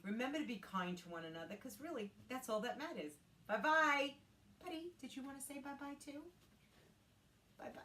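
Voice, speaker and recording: A woman's voice: mid-range voice, fairly bright tone. A woman in her sixties chatting candidly to camera at home while doing housework, turning now and then to talk to her dog. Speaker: vlogger. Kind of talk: casual chat to camera. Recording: roomy sound, mic set at a distance.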